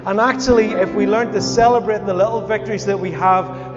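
Animated pastor preaching. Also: male voice, sits high, moderate pace, few pauses, music in the background. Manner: conversational, animated preaching with asides. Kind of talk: sermon. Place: church hall. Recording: echoey church hall, dull sound.

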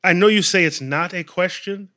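A man's voice: sits high, moderate pace, pushed and bright. A man in a Bible study, reading scripture aloud carefully and firmly defending how he reads it. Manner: careful reader, argues his point insistently.

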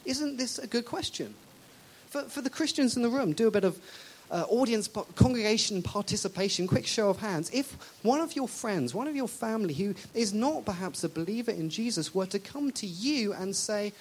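A preacher giving a sermon to a church congregation, talking conversationally and asking them questions, and acting out quoted speakers with big swings in pitch and loudness. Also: lively intonation, moderate pace, slightly rough. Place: church service.

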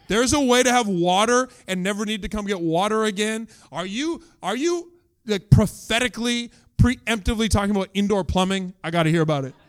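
A male pastor with a fairly high voice preaching in a relaxed, conversational way. He tells the story with humorous asides and direct questions to listeners. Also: brisk, clear, resonant tone. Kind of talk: sermon.

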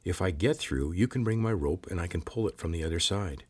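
This is a determined young cave explorer who talks in plain, practical words, as a male narrator plays him. The voice is low and slightly husky. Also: expressive, a little fast. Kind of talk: audiobook character voice.

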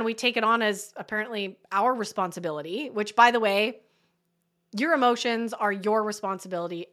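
Bright-voiced woman hosting a coaching podcast. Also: fairly high pitch. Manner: earnest and encouraging, checks in with "right?". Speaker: podcast host. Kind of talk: solo coaching podcast talk.

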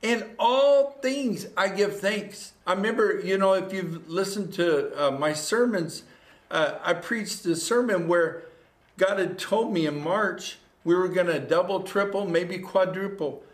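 A man's voice: high-pitched, a little slow. A man preaching a livestreamed sermon as a pastor, earnest and repetitive, building to exhortation. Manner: earnest, repeats phrases, rises to exhortation. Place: church room. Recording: echoey room.

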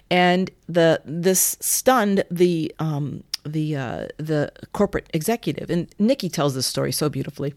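A woman who runs a yoga studio, telling a story in an animated way on a podcast. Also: deep voice, a little slow, few pauses, no room sound. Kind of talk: casual storytelling chat.

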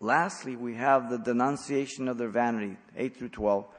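A man preaching an expository sermon as pastor, blunt and emphatic, with sudden loud stresses. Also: medium pitch, steady tone, normal speed, in a large hall.

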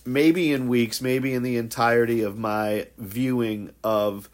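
A man chats casually as a podcast host, recapping a reality show with dry, gossipy sarcasm. His pitch sits at an ordinary middle height, and he mocks the cast with a deadpan edge. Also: a little slow.

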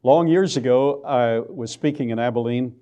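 Older Texan man, church lecturer, warm low-key timbre, folksy and emphatic. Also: highs cut off. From Texas. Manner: folksy storytelling with slow emphatic stresses. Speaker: creationist lecturer.

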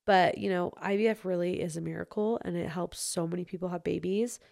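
A young woman hosting a solo podcast, chatting casually with many likes and ums, softening into a gentle, consoling tone when things turn serious. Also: fairly low pitch, steady tone, brisk, gravelly, dry recording, clean studio sound. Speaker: podcast host. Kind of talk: solo podcast chat answering listener messages.

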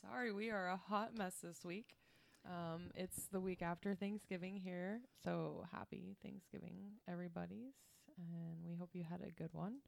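A woman's voice: lowish voice, fairly even intonation, moderate pace, gravelly. A woman co-hosting a podcast, chatting casually and giggling as she talks through misheard song lyrics. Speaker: podcast co-host.

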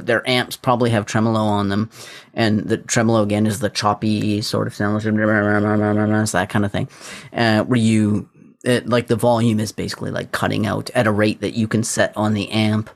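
A man's voice: on the low side, creaky. A man co-hosting a music podcast, talking casually and thinking aloud as he searches for his words. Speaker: podcast co-host. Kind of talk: casual chat about music.

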